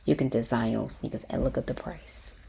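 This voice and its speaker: A woman's voice: a bass voice, fairly quick, vocal fry, dark tone, a little hiss or hum. A woman hosting a casual craft tutorial, talking eagerly to her viewers and often dropping to a whisper. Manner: enthusiastic, often drops to a whisper. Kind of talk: casual screen-share tutorial.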